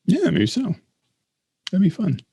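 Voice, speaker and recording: A man co-hosting a podcast in casual chat, rambling and halting, laughing often. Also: high-pitched, wildly swooping pitch, vocal fry, dark tone, slightly rough. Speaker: podcast co-host.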